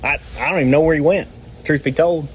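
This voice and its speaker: A man's voice: fairly high pitch, fairly even intonation, fast talker, slight background noise, low-quality recording. A man telling a story casually, in a blunt and profane manner.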